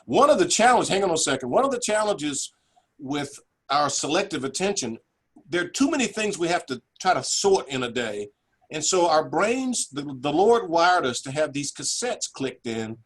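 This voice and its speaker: A man's voice: a little high, fairly bright tone, husky. A man giving a lecture presentation with slides, earnest and conversational, often restarting phrases. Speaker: physician and guest lecturer.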